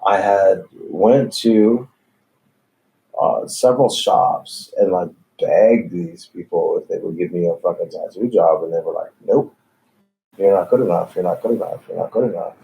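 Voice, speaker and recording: Low-voiced, swearing tattoo artist. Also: male voice, moderate pace, creaky, dark tone, rough recording. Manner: profane, laid-back, laughs often. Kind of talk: casual storytelling. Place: tattoo shop.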